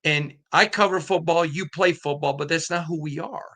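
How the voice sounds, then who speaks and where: Male sports podcast host, sharp bright voice, earnest storyteller. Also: fairly high pitch, moderate pace, vocal fry. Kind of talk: casual interview chat.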